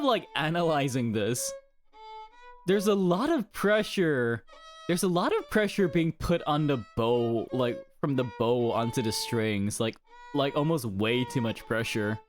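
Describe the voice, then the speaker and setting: A man casually commenting while playing a game, rambling with lots of fillers and restarts. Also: fairly high pitch.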